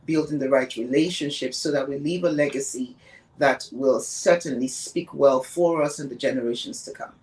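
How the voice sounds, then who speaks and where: A woman's voice: very deep voice, normal speed, darkish tone, far from the mic, rough recording. A woman guest on a podcast, talking earnestly and emphatically about grief, repeating words for stress. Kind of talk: reflective conversation on grief.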